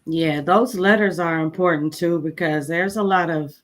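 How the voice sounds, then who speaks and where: An interview host adding steady explanations and short agreements in a casual chat. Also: medium pitch, moderate pace.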